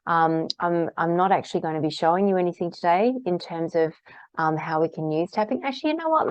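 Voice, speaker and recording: Low-voiced woman, candid and animated. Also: a little fast, no room sound. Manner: candid, animated, demonstrating tapping phrases aloud. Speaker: EFT tapping practitioner. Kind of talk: casual talk to camera.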